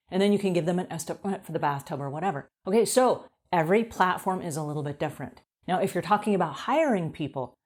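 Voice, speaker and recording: A woman's voice: lowish voice, a little mellow. A woman who coaches cleaning businesses, giving casual advice in a chatty, conversational way, often checking in with "right?". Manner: acts out quoted voices on the fly. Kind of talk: casual advice talk to camera.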